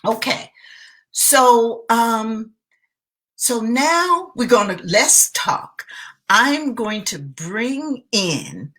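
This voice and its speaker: A woman's voice: fairly high pitch, big pitch swings, drawn-out words, a bit bright. A woman giving a motivational self-care talk as a coach, emphatic and speaking straight to the viewer, repeating her key phrases.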